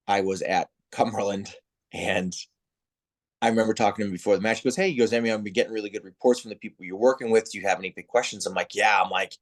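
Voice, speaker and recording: A man who heads volleyball officiating, telling stories in a casual interview and acting out the people he quotes. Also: on the low side. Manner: animated storyteller, acts out quoted voices. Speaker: head of volleyball officials, guest.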